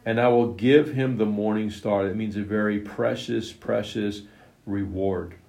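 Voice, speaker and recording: Male preacher, gravelly voice, emphatic sermon delivery, roomy echo. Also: on the low side, steady tone, unhurried, darkish tone. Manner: emphatic, retells scripture in plain everyday words. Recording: echoey room.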